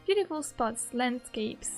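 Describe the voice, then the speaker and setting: A high-voiced woman with a French accent chats through a game stream, giggling and saying "like" at every turn. Faint game music plays behind her. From France. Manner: chatty, giggly, fills with "like" often. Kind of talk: casual gaming stream chat.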